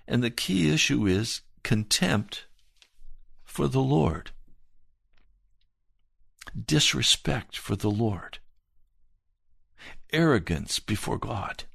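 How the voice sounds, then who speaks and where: Slow, gravelly male preacher. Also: medium pitch, animated, fairly bright tone, no echo, clean studio sound. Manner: slow, earnest preaching with a personal testimony. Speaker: pastor. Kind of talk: sermon.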